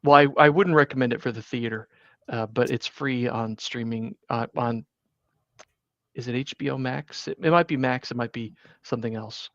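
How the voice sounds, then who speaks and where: A man talks through a movie review in a loose, rambling way, full of restarts and fillers. His voice sits at an ordinary pitch. The recording is dry and a bit dull. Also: moderate pace, fairly bright tone, no room sound. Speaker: podcast host. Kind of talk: casual movie review chat.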